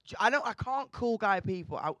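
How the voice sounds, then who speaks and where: A young man rattles through stories in a radio studio, excitable and rambling, swearing freely. His voice sits a little high, and the room is dry. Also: a little fast, dry recording. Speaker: musician guest. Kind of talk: casual interview chat.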